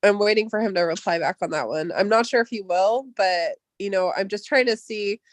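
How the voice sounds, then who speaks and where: A woman's voice: mid-range voice, a little fast, no echo. A woman hosting a livestream, chatting casually on a group voice call in a rambling way with lots of fillers. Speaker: livestream host. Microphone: online voice call.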